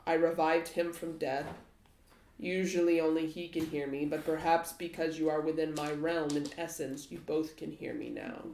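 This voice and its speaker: A woman's voice: low voice, fairly even intonation, darkish tone, slight background noise. Brief: smug magic-bottle spirit played by a woman, drawling insults, roomy echo. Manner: slow, condescending, drawling. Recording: echoey room.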